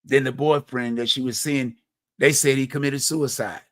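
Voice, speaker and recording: A middle-aged man from Hampton Roads, Virginia, hosts a community talk show, bluntly delivering a repetitive, slangy, conversational personal monologue about community violence. His mid-range voice is steady, a bit bright, and paced normally. The studio-quality recording has no room sound.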